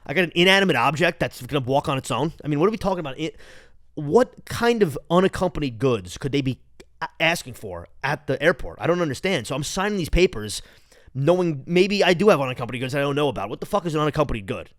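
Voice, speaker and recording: Late-20s male host, New York accent, excitable and profane, rambling, dry close mic. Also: on the high side, fast talker, dry recording. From New York, Long Island. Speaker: podcast host. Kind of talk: casual solo podcast rant.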